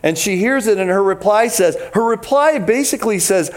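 A male pastor delivering a sermon with a fairly high voice. He preaches in an animated, emphatic way, talking straight to the people in front of him. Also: moderate pace, hardly any pauses.

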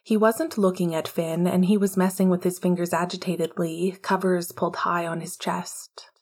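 A woman narrating an audiobook in a hushed, intimate way, often half-whispering. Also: fairly low pitch, steady tone, moderate pace.

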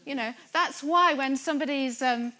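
A woman preaching a sermon to a church congregation, earnest and building to excited emphasis. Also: high-pitched, normal speed. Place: church gathering room.

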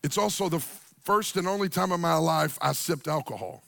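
A middle-aged man preaches a sermon, his voice a bit high and gravelly. He moves from easy storytelling to near-shouted, sung-out lines. The sound is close and dry. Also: fairly quick, no echo. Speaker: pastor. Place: church sanctuary with a congregation.

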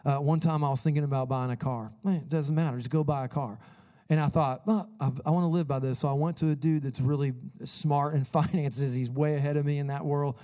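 A man preaching a sermon, telling lively stories and laughing at himself as he goes. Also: on the high side, fairly quick. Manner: animated, laughs at his own stories. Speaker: pastor. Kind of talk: sermon with storytelling.

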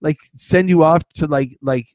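A man co-hosting a podcast in casual chat, rambling with halting restarts and jokes. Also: fairly high pitch, darkish tone, no room sound. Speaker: podcast co-host.

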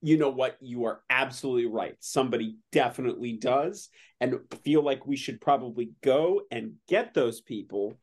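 A man's voice: mid-range voice, moderate pace, hardly any pauses. A man playing a tabletop horror game, rambling hesitantly with many fillers. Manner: hesitant, lots of fillers and restarts. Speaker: player. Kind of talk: casual tabletop play, often in character.

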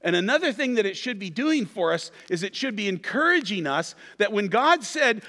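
A man preaching a sermon as pastor, animated and conversational, with frequent asides to the congregation. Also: extremely high pitch, normal speed, few pauses, long reverb tail.

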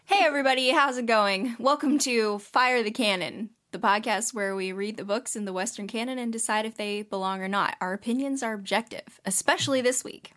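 A woman's voice: fairly high pitch, a little fast, few pauses, fairly bright tone. A woman co-hosting a podcast over a video call, chatting casually, laughing often and sounding mock-exasperated. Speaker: podcast co-host. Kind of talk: casual chat. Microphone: video call mic.

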